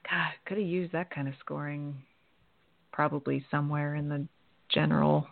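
A low, gravelly female voice with fairly even intonation and a moderate pace reads a sponsor spot and shares league news on a hockey radio show she co-hosts, adding dry, sardonic remarks. The sound is tinny and dry, as if over a phone line.

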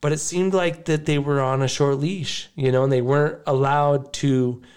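A man's voice: medium pitch, steady tone, moderate pace, darkish tone, smooth. Rambling, emotional male podcast host. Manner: rambling, emotional, laughs often. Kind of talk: casual chat.

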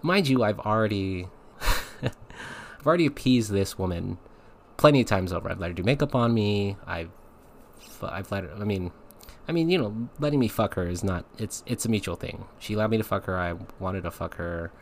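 A man's voice: on the low side, expressive, moderate pace, slight background noise. A man hosting a podcast, telling a story in a casual, rambling way with lots of fillers and frequent laughs. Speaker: podcast host.

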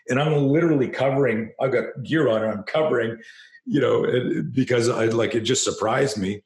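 A man's voice: mid-range voice, roomy sound. A man, a self-defense instructor, telling a story as an interview guest, passionate and profane, often restarting his sentences.

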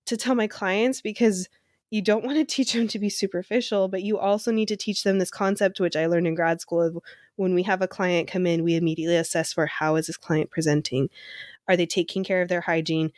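A woman's voice: on the low side, steady tone, a little fast, darkish tone, no room sound. Chatty woman therapist with a dry sound. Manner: chatty, lots of fillers and laughter. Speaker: podcast co-host and therapist. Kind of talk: casual chat.

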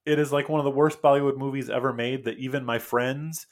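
A man's voice: medium pitch, fairly even intonation, fast. A man, a podcast guest, telling long anecdotes in casual chat, rambling off on tangents and chuckling as he goes. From United States. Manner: rambling, self-interrupting, chuckles through anecdotes. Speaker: podcast guest, comic book author. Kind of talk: casual interview storytelling.

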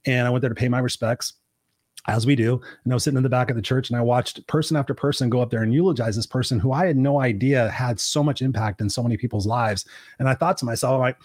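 A man in his forties hosting a podcast, telling stories in an energetic, motivational way. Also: medium pitch, quick pace, no room sound, studio quality. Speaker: podcast host. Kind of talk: casual interview conversation.

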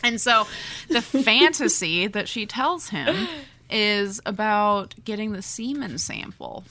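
A woman's voice: mid-range voice, expressive, takes it slowly, pushed and bright. A woman hosting a podcast, gushing through a chatty book recap with many fillers. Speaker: podcast host. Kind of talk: casual book chat.

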